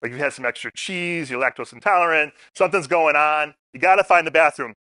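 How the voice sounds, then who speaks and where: A man's voice: fairly high pitch, fairly quick, pushed and bright, no echo. A middle-aged man speaking at a community forum, telling stories in a casual way and asking the audience questions. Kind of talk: public talk. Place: meeting room.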